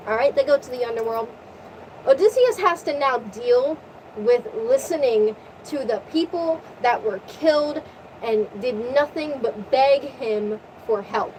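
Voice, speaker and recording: A young woman retelling a story in casual, crude, excitable slang. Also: sits high, a little slow. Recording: distant mic with faint vehicle noise.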